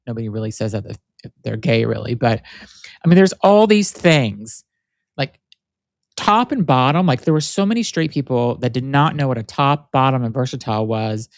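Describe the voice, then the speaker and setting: A man's voice: mid-range voice, no echo, clean studio sound. A man hosting his own podcast, talking casually and rambling with lots of fillers and restarts, his voice not very masculine. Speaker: podcast host. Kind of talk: casual solo podcast chat.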